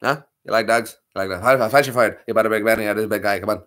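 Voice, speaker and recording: A man voicing a brash pushy male caravan dweller in a put-on British Isles accent, talking in rapid patter. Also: fairly low pitch, fairly bright tone, voice pushed down, close to an everyday voice.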